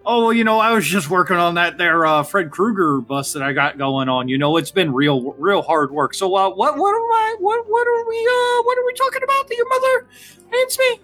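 A man puts on a cheery Midwestern father from a tabletop game, his voice pitched well above his own. He drawls in a folksy, halting way. His words trail and restart as he thinks aloud. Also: animated, sharp tone, soft background music, exaggerated voice. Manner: hesitant folksy drawl, high and stretched. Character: folksy Midwestern dad, middle-aged hobby tinkerer.

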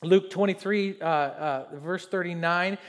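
A man preaching a sermon as pastor, telling stories and reading scripture, swinging from loud to soft. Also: sits high, measured pace. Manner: reads scripture aloud, with fillers and restarts.

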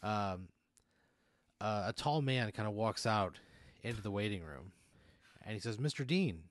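A man narrates an improvised role-play scene as game master, rambling and full of fillers. His voice sits fairly low. The sound is dry and close. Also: unhurried, dry recording.

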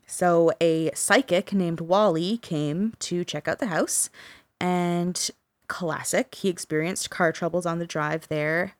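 Podcast co-host, woman, lowish voice, casual storyteller, dry close sound. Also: steady tone, takes it slowly, dry recording. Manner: casual, swears, many fillers like "like" and "um".

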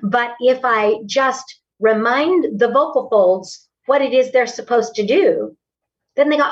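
Woman voice coach, distant and lo-fi. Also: measured pace. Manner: instructive, demonstrates pitch by counting aloud. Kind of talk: coaching a student through voice exercises.

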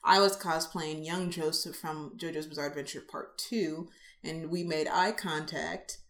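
A woman co-hosting a casual chat, talking in a chatty, animated way with many fillers. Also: deep voice, unhurried. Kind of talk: casual chat about conventions. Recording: echoey room.

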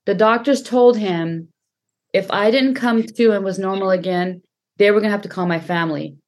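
Woman guest, earnest storyteller, repeats for emphasis, mid-pitched voice. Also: moderate pace. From Punjabi family. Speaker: podcast guest, healer. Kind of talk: casual conversation.

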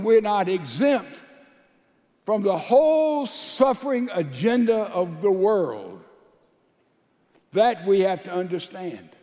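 A male pastor with a high voice who preaches slowly and deliberately. He swings between loud emphatic lines and soft, low asides. His sermon rings with the long reverb of a large church hall.

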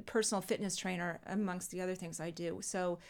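A middle-aged woman hosts a relaxed conversational interview. She is a personal fitness trainer, and she tells her stories with animated emphasis and frequent laughter. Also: on the low side, fairly quick. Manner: animated and expressive, laughs easily. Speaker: podcast host and fitness trainer.

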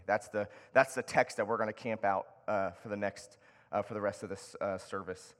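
Pastor guy preaching, chatty and relaxed, lots of hall echo. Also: fairly low pitch, normal speed. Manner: conversational, with restarts and Scripture read aloud. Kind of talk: sermon. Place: church sanctuary. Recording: long hall reverb.

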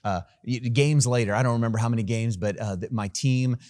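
A man preaching a sermon who tells a personal story in an animated, self-deprecating way and laughs at himself. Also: medium pitch, fairly quick, no room sound, clean studio sound. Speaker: pastor.

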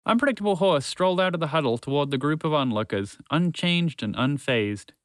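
A man reading a children's story aloud in a lively way, switching into voices for the characters. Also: on the high side, brisk, no room sound, clean studio sound.

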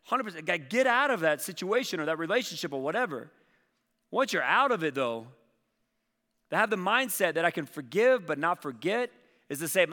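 A man's voice: sits high, big pitch swings, a little fast, sharp tone, big-room sound. A man preaching as a pastor in a conversational sermon, acting out objections and story lines.

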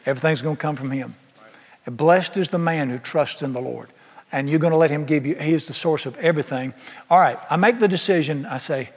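A man's voice: a little high, fairly quick, breathy edge. A man preaching a sermon, folksy and emphatic, firing rhetorical questions at the congregation. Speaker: pastor. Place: church sanctuary. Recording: long reverb of a large hall.

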